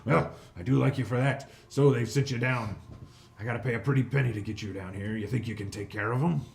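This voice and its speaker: A man voicing a fat, greedy male hobgoblin boss who is loud, boastful and blustering, in a tabletop game. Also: medium pitch, quick pace, gravelly, natural voice. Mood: scheming. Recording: echoey room, some noise.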